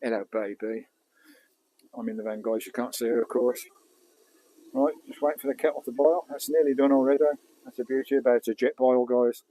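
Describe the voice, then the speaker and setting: An English vlogger chats casually with live-stream viewers outdoors on a beach and in his camper van, talking as he works and swearing lightly. His voice is mid-range, warm and a little fast, with fairly even intonation. A small clip-on mic picks him up at varying distances.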